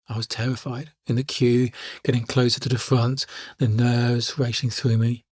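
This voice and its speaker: A man who coaches people speaks in a calm, reflective way and comes back to his main points. His voice has a slightly husky grain at a middle pitch. The recording is close and dry, with no room sound. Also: a little fast, no room sound. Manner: calm storytelling, repeats key lines. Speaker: life coach. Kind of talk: reflective podcast monologue.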